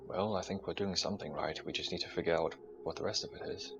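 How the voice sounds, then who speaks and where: A man's voice: deep voice, big pitch swings, fast talker, muffled recording, over music. A man playing a tabletop game who stammers and restarts as he talks. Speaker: player. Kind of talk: casual game chat.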